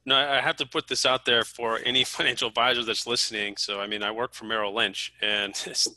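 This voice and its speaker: A man's voice: mid-range voice, flat delivery, brisk, bright, forceful tone, no echo, low-quality recording. A man hosting a podcast, a financial advisor speaking earnestly in a casual interview.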